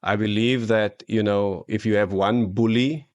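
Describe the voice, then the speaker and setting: A young man, a podcast guest talking in an outspoken, animated way in casual chat. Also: on the low side, measured pace, no echo. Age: young adult.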